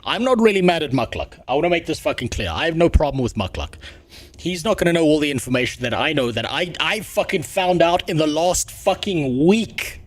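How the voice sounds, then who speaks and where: A man's voice: fairly high pitch, expressive, a little fast. A man streaming live, talking bluntly and profanely in a ranting commentary. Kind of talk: casual livestream commentary.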